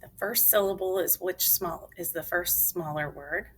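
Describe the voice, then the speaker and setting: A woman teacher leading a phonics lesson for children, enunciating clearly and spelling words out letter by letter. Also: on the low side, moderate pace, rough recording.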